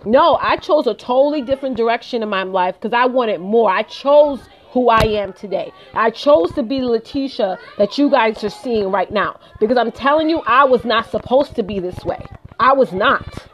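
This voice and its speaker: On a low-quality recording, a woman who works as a home business consultant motivates her live-stream audience, speaking to them directly and repeating key phrases with emphasis. Her voice is a little high and animated, at normal speed with few pauses.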